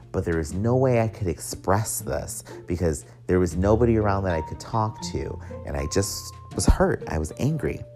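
Young guy with a super deep voice telling his story, swears a lot, cracks dry jokes, soft guitar in the background. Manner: candid, profane, with wry joking asides. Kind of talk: personal storytelling.

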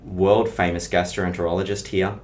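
A man's voice: low-pitched, flat delivery, normal speed, a little hiss or hum. A middle-aged man, a health coach explaining his methods with analogies and stories in a casual interview. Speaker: health and weight-loss coach.

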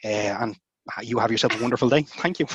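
A man's voice: mid-range voice, quick pace, husky, no echo, lo-fi sound. A man with an Irish accent, a podcast guest chatting casually and rambling with lots of fillers. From Ireland. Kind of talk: casual interview chat.

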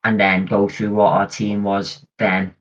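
A man's voice: lowish voice, little pitch movement, a little slow. A man co-hosting a podcast, chatting in an easygoing way and planning aloud. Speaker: podcast co-host. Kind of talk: casual chat. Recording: dull lo-fi audio.

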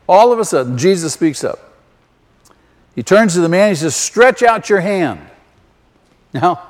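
A man preaching a sermon slowly and emphatically, with sudden loud rises for stress. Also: mid-range voice. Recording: long hall reverb.

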